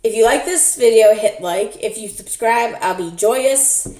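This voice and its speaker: A woman's voice: on the high side, a little mellow. A woman telling a story in a playful, casual way and hosting her own channel. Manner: slow, playful narration. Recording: echoey room.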